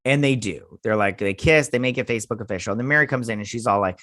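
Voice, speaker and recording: A man's voice: medium pitch, quick pace, fairly bright tone, no room sound, studio quality. A man hosting a casual review of a TV episode, ranting sarcastically and swearing. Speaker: host.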